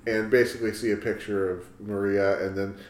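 A man's voice: fairly low pitch, little pitch movement, fairly quick. Guy on a podcast, joking around, telling a long story, kinda echoey room. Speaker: podcast co-host. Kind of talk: casual chat.

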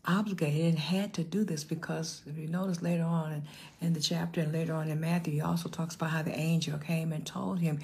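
Gravelly older woman preaching, hushed asides. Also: lowish voice. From United States. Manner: storytelling, drops into hushed whispers for emphasis. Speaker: pastor. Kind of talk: sermon.

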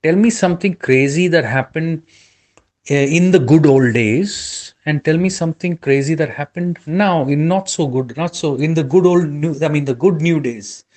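A man's voice: a little high, normal speed, a little mellow. A middle-aged man co-hosting a casual podcast chat over drinks, a bit tipsy, rambling in a loose, affectionate way. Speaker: podcast co-host.

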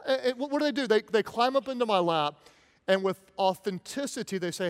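A man preaching a sermon as pastor, conversational and animated, acting out quoted prayers and chatter. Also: high-pitched, brisk, clear, resonant tone, long reverb tail.

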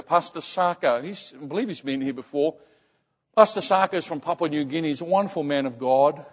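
A man's voice: a little high, highs cut off. Earnest man preaching in a hall. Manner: earnest, often hushed and slow when quoting. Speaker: pastor. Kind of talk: sermon storytelling.

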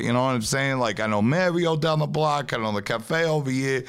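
A man's voice: medium pitch, brisk, vocal fry, few pauses, fairly bright tone, clean tone. A man with a New York accent telling a long story in casual, profane podcast chat. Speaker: podcast host, pizzeria owner.

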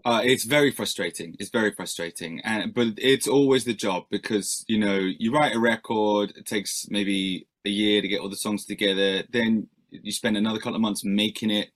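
A man's voice: on the low side, steady tone, normal speed, hardly any pauses. A male musician answering interview questions in a rambling, self-deprecating way, with many fillers and restarts.

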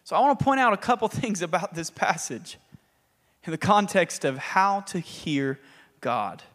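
Male pastor, lively sermon delivery, high voice, hall reverb. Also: normal speed. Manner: animated, laughing, acts out scripture.

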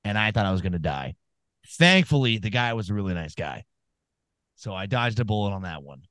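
A man's voice: lowish voice, big pitch swings, fairly quick, fairly bright tone, no room sound. A man co-hosting a casual sports podcast, telling rambling, profane stories and giving fight picks. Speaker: podcast co-host.

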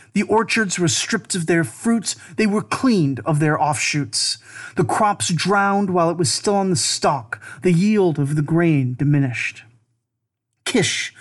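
Brief: male narrator, slightly higher voice, grave and deliberate recitation of an ancient lament.

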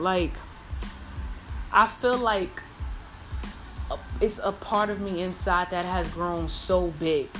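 A young woman talks straight to her listeners in a loose, rambling podcast monologue. She is chatty and slangy, drifting from thought to thought. Music runs clearly behind her voice. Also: mid-range voice. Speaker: podcast host.

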